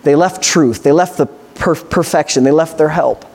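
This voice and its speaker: A man's voice: a little high, normal speed, darkish tone, slightly rough. A man, a pastor, preaching a sermon with passionate, repetitive emphasis.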